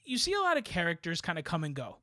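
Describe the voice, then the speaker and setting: A man with a fairly high voice talks through a film review in loose, animated podcast chat. He rambles, stacks up rhetorical questions and keeps checking in with "right?". The sound is dry and close, with no room around him. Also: quick pace, dry recording. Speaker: podcast co-host. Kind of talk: casual movie review chat.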